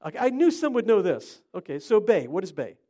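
A man's voice: high-pitched, big pitch swings, brisk, mellow. A middle-aged man from Ohio preaching an interactive sermon, chatting with his listeners and quizzing them by name. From Cleveland, Ohio.

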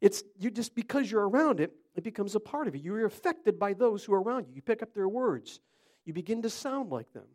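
A man's voice: high voice, big pitch swings, a little fast, a little mellow. A middle-aged man from Ohio preaching an interactive sermon, chatting with his listeners and quizzing them by name. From Cleveland, Ohio.

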